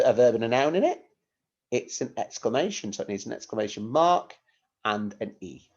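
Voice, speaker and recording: On a dull, lo-fi recording, a man's mid-range, somewhat mellow voice leads a lesson for young children. He's a primary school teacher who patiently walks them through the material, giving clear directions and asking them rhetorical questions.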